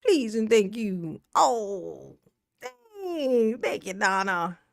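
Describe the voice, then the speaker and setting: A woman's voice: medium pitch, very animated, drawn-out words, creaky, no room sound, studio quality. A woman hosting a casual live stream, reading viewer comments aloud, laughing often and talking in a slangy, emotional way. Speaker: livestream commentary host.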